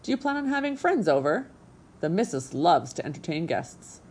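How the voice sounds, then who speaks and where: A woman's voice: on the low side, very animated, normal speed, a little mellow, slightly rough. A woman voicing a stubborn, grumbling male beaver father with a folksy way of talking. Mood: gruff, folksy.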